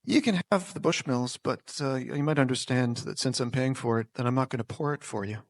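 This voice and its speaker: A storyteller voicing a big, pushy Scottish coworker whose questions turn prickly, in a dry-sounding recording. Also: male voice, mid-range voice, fairly quick, no echo, close to an everyday voice. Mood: pointed.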